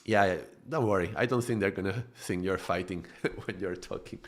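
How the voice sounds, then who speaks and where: A middle-aged man with a strong Spanish accent, a native Spanish speaker from Spain, hosts a casual live talk as a spiritual teacher. His voice sits fairly low, and he speaks in quick, animated bursts, chuckling often and restarting his sentences as he goes. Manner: quick, animated storytelling with frequent laughs and restarts.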